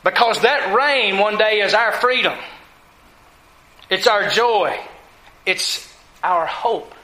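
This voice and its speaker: A man preaching a sermon in a high, bright voice. He leans on key words and puts rhetorical questions to the congregation. The sound rings around an echoey hall. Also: animated. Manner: asks the congregation rhetorical questions, deliberate emphasis.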